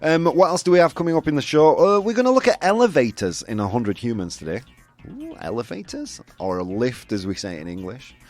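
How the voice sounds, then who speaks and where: A man's voice: medium pitch, huge pitch swings, brisk, a little mellow, soft background music. A man with a Yorkshire accent hosting a casual show, chatting loosely with lots of fillers and laughs. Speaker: host. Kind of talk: casual live show chat.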